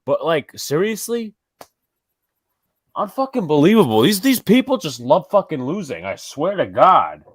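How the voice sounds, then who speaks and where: Livestream co-host, young New York man, angry ranter, pitch swings a lot. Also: big pitch swings, a little slow, no room sound, clean studio sound. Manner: angry ranting, heavy swearing. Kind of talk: heated live sports chat.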